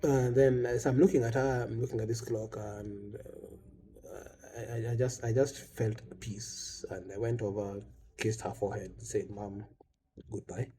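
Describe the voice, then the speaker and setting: A man speaking as host, telling a personal story in a halting, reflective way, with restarts and small laughs. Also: on the low side, fairly even intonation, warm tone. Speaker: vlog host.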